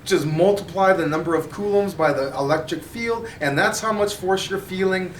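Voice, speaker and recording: A male high school physics teacher giving a lively, joking classroom lecture, recorded by a camera at the back of the room. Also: moderate pace, slight background noise. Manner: animated, jokey, acts out customer voices. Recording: roomy classroom audio from a distance.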